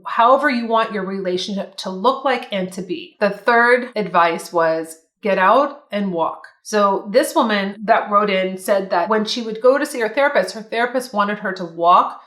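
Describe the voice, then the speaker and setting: A woman's voice: mid-range voice, normal speed, few pauses, fairly bright tone. Earnest woman vlogger, echoey room. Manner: earnest, reflective, reads quotes aloud. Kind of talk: casual advice talk to camera.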